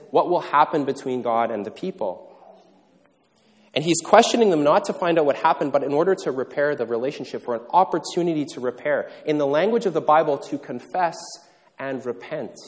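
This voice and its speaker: A man's voice: medium pitch, darkish tone. A man preaching a sermon, telling a story conversationally and acting out the quotes. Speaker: pastor. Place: church hall. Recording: reverberant hall.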